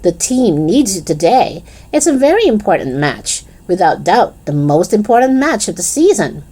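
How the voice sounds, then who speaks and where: A woman voicing a proud, excitable mother who cheers loudly for her son in a read-aloud storybook. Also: mid-range voice, moderate pace, husky, voice pushed up. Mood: flustered. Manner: loud, gushing.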